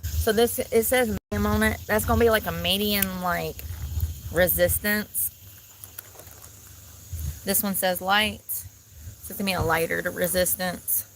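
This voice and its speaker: A woman vlogging casually outdoors in the mountains, chatty and animated as she talks to viewers. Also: medium pitch, a little slow, pauses often, poor audio. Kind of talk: casual outdoor vlog chat. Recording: outdoor noise, crickets audible.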